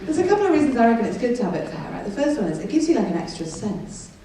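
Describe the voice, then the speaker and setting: This Welsh stand-up comedian has a slightly high, sing-song, mellow voice and talks very fast, teasing the crowd in a chatty, cheeky set. It was recorded live from the audience in a concert hall full of laughter, so the sound is distant and echoey with a little hiss or hum.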